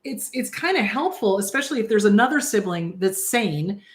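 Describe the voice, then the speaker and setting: A woman's voice: mid-range voice, lively intonation, normal speed. Chatty woman therapist giving advice. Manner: chatty, direct, repeats words for emphasis. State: slightly worn-out voice. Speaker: therapist host answering viewer questions. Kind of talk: casual live advice talk.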